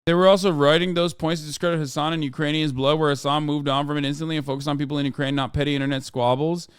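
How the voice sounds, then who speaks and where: A man with a fairly high, smooth, resonant voice rants through the news on a livestream, reading articles fast and then cutting in with sarcastic, profane asides. The sound is close and dry, with no room around it. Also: fairly even intonation, no echo. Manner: sarcastic, profane, heated ranting; reads articles aloud quickly, then breaks off to comment. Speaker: streamer reacting to news.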